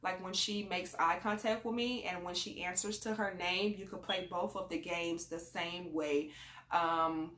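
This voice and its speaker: A woman with a lower voice chats casually in a vlog. She rambles through her advice in a conversational way. Her voice bounces around an echoey room. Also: fairly even intonation, a little slow, a bit bright. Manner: chatty and conversational, rambling with fillers. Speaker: parent sharing advice on a channel.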